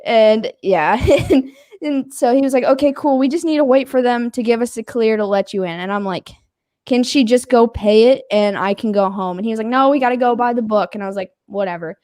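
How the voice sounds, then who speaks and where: A woman's voice: on the high side, a little fast, dry recording, studio quality. A young adult woman casually telling a story, acting out what people said, laughing and swearing as she goes. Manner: animated, acts out quotes, laughs, swears casually.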